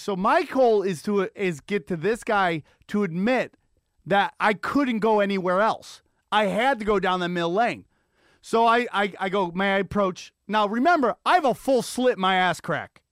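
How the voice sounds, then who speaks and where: A man with a high, bright-sitting voice tells a profane, animated story as a podcast host. He acts out sirens and quoted lines as he goes, and his excitement builds as he talks. The sound is close and dry, with no room behind him. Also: dry recording. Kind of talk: animated solo storytelling rant. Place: Los Angeles area.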